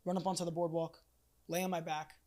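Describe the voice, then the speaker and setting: A man's voice: fairly high pitch, flat delivery, fast talker, darkish tone. A young man guesting on a podcast, telling a story casually and animatedly, with swearing and lots of fillers.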